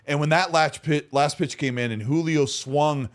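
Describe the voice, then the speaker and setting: A man hosting a podcast in a chatty, excitable, casual way. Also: on the high side, normal speed. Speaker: podcast host. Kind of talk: casual chat.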